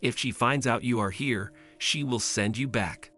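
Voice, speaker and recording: A man's voice: medium pitch, unhurried, sharp tone, faint music behind. A man voicing a sweet, sad little girl who talks in an earnest, pleading way.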